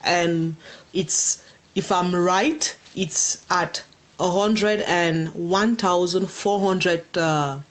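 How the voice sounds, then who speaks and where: A woman's voice: fairly low pitch, fairly even intonation, very slow. Woman hosting a live Q&A stream. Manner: explains patiently, reads viewer questions aloud. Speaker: host of a community group's livestream.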